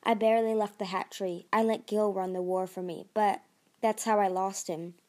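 A woman's voice: mid-range voice, steady tone, normal speed, warm tone, close to an everyday voice. A woman reading aloud and voicing a proud, stubborn dragon queen who speaks in a commanding, dismissive way. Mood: imperious. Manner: imperious, dismissive.

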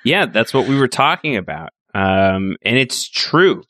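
A man co-hosting a casual podcast, asking questions and cracking jokes. His pitch jumps around a lot as he talks. The sound is close and dry. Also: a little slow, no room sound. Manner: animated, playful, jokey. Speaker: podcast co-host.

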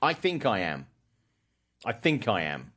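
A man's voice: fairly low pitch, wildly swooping pitch, a little slow, fairly bright tone, husky. A man hosting a casual podcast chat, reading out viewer comments and rambling with self-corrections and jokes.

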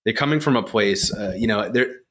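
A man guesting on a podcast, talking through ideas in an easygoing conversation. His voice sits somewhat low for a man, and he turns quieter and more measured when he reflects, tagging points with a quick "right?". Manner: reflective, drops quieter when musing, frequent "right?" tags. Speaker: podcast guest, company co-founder.

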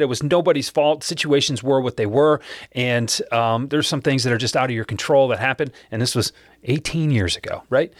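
A man's voice: medium pitch, no echo, studio quality. A man telling a personal story to listeners in a conversational way, acting out remembered dialogue.

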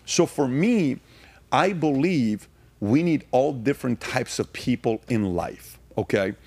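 A man talking as a podcast guest, telling personal stories and then arguing his point emphatically with rapid rhetorical questions. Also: medium pitch, expressive, darkish tone. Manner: frequent fillers and restarts. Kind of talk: casual conversation, storytelling.

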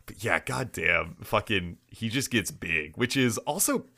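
A man's voice: fairly low pitch, expressive, measured pace, vocal fry, sharp tone. A man co-hosting a podcast, chatting casually about an anime episode, laughing often and swearing freely as he rambles. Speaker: podcast co-host.

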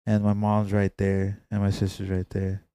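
Deep-voiced young man telling a slangy story. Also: monotone, normal speed, mellow, clean tone. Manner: rambling, slangy, swears often. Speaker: podcast co-host. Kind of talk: casual storytelling among friends.

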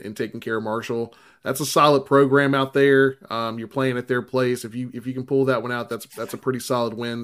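Man, podcast chat, relaxed, smooth resonant voice, repeats words. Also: medium pitch. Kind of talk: casual sports podcast chat.

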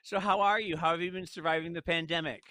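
A man hosting a casual interview chat, animated and laughing often. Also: a little high, quick pace, no room sound. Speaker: host.

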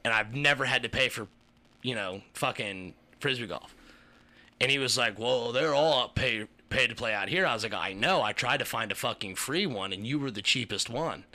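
A man's voice: mid-range voice, bright, forceful tone. A man from the Kentucky tri-state area, a podcast co-host, telling a rambling, profane story in a casual chat.

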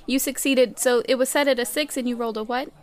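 A woman running a tabletop game as game master, chatty and animated. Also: a little high, fast.

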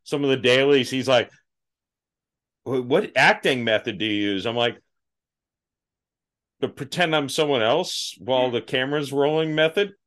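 Male podcast host, young adult, casual and self-mocking, mid pitch. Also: moderate pace, pauses often, a bit bright. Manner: self-deprecating, laughing at his own stories. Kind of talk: casual interview chat.

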